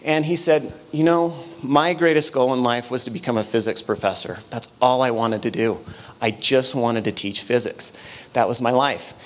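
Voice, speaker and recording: A middle-aged man, giving an animated motivational conference talk full of stories and quick restarts. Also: mid-range voice. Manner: storytelling, animated, with frequent restarts. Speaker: conference speaker. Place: conference room.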